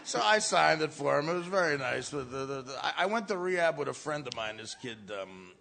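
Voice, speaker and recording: A man, telling stories in casual talk, stammering and shouting out quoted lines. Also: fairly high pitch, lively intonation, a little fast, vocal fry, a little hiss or hum. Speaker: comedian guest. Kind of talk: casual storytelling.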